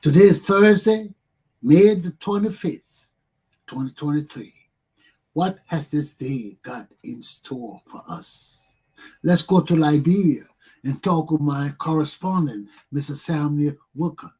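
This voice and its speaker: A man's voice: a little high, unhurried, dark tone, slightly rough. A man hosting a talk show, opening formally and then chatting in a friendly way with his correspondent.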